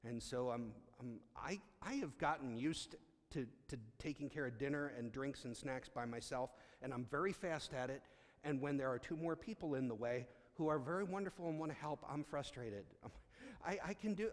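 A man's voice: on the high side, moderate pace. A man telling a story aloud, acting out the dialogue with lots of restarts. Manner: animated, acts out dialogue, frequent restarts. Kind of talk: storytelling talk. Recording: long hall reverb.

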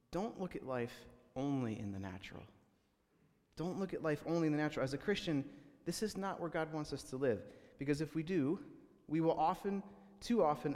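Conversational pastor preaching in a reverberant hall. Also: male voice, a little high. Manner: conversational preaching with frequent restarts and acted-out quotes. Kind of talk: sermon.

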